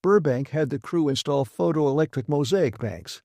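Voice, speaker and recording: A man narrating an audiobook, voicing a male technician who answers in a flat, matter-of-fact way. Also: fairly high pitch, normal speed, creaky, dry recording, studio quality, pitched above the performer's own voice. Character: laconic male beam technician. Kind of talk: audiobook character voice.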